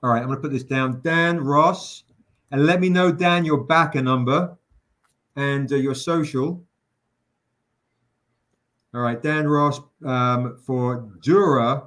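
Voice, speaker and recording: A man's voice: mid-range voice, takes it slowly, pauses often, a bit bright. A man hosting a live stream, chatting casually with fillers, jokes and the odd swear word. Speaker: livestream host running a crowdfunding campaign.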